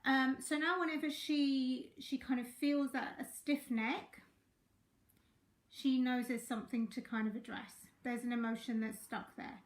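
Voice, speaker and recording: A woman giving a chatty coaching talk on a live stream, her throat croaky today. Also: sits high, fairly even intonation, measured pace, echoey room. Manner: warm greetings to viewers, chatty with fillers. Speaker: life coach.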